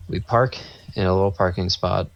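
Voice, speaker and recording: A man's voice: deep voice, steady tone, moderate pace, gravelly. A man co-hosting a podcast, telling a rambling anecdote in casual chat and acting out what people said. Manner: rambling anecdote, acts out quotes. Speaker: podcast co-host. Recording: dull lo-fi sound.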